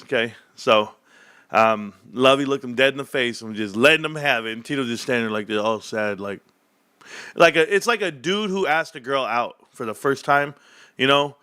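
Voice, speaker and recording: A man's voice: mid-range voice, bright, forceful tone. A middle-aged man hosting a casual livestream, rambling through slangy stories and laughing often. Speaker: livestream host.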